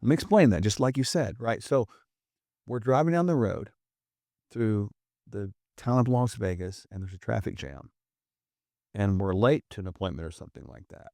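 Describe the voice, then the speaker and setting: Gravelly, earnest male health guest. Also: lowish voice, expressive, moderate pace, a little mellow, no room sound, clean studio sound. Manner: emphatic, earnest, persuasive. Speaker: podcast guest, doctor. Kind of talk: conversational explaining.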